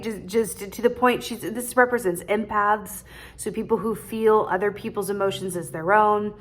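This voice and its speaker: A woman giving a casual tarot reading straight to her viewers, chatty, laughing often and ending many points with "right?". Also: mid-range voice. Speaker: tarot reader.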